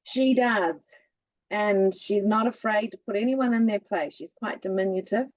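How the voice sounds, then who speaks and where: A woman chats as a podcast guest, spinning lively stories with a sing-song, musical cadence. The recording is dry and a little muffled. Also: mid-range voice, a little slow, no room sound. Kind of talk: casual chat.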